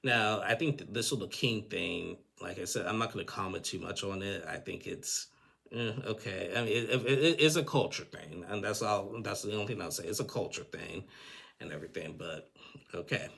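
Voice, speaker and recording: A man's voice: lowish voice, moderate pace, vocal fry, a bit bright, husky. A man giving a casual, rambling recap of a TV episode, often restarting his sentences and chuckling. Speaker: TV recap host.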